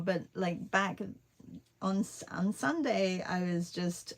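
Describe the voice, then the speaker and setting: A woman who teaches art and vlogs tells a rambling, chatty story full of fillers while she paints. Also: medium pitch.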